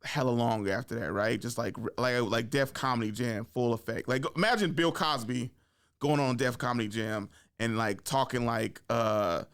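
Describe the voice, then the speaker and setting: A young man hosting a podcast, telling a story in a casual, animated way, full of slang and swearing, acting out what people said. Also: medium pitch, normal speed, smooth. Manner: animated, acts out quotes, swears freely, slangy. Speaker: podcast host.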